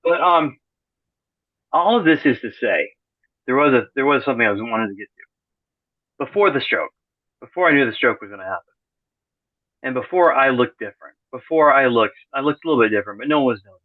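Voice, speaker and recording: A middle-aged man speaks as a podcast guest in a loose, conversational way. He often restarts his sentences and drops in deadpan sarcasm. His voice comes through a thin, phone-like line with no room echo. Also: medium pitch, fairly quick, pauses often. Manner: rambling, self-correcting, dry sarcastic humor. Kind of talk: casual conversational interview. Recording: tinny phone-like call audio.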